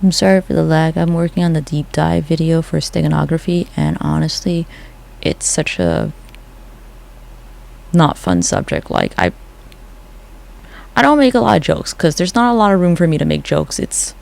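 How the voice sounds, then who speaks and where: A vlogger ranting casually over photos, swearing freely and slipping into quick mock quotes, sounding a little bummed. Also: medium pitch, animated, vocal fry, a little mellow. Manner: profane, gossipy, acts out quick mock quotes. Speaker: conspiracy commentary vlogger.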